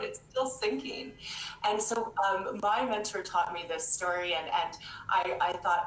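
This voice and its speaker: Woman guest, lowish voice, chatty storyteller, echoey room recording. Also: normal speed, a bit bright. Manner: storytelling, many restarts. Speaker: guest therapist. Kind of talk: conversational interview. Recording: echoey room, faint noise.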